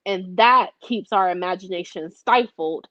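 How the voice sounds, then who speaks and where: A woman speaking as a guest in a casual book discussion, reflecting in a thoughtful, measured way. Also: fairly low pitch, a bit bright, no room sound, muffled recording.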